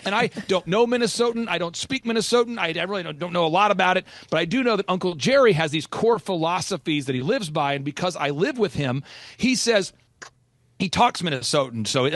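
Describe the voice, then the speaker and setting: High-voiced man telling a lively story. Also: fast, dry recording, studio quality. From Oklahoma. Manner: storytelling, acts out quoted voices. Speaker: podcast host. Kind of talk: animated storytelling in a podcast chat.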